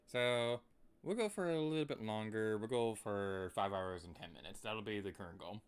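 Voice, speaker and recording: A man's voice: on the low side, moderate pace, clear, resonant tone. A young man chatting casually and playfully while streaming a video game, humming and singing along now and then. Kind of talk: casual gameplay commentary.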